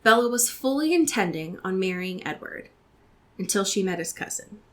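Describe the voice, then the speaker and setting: A woman co-hosting a podcast reads fan fiction aloud with dry comic timing, laughing often, in a Pacific Northwest American accent. Her medium-pitched voice is a bit bright, with lively intonation at a moderate pace.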